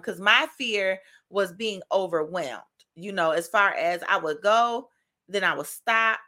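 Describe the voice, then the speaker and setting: Bright-voiced chatty woman podcast host. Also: mid-range voice, measured pace. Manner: chatty, encouraging, laughs often, keeps asking "right?". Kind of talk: casual devotional talk.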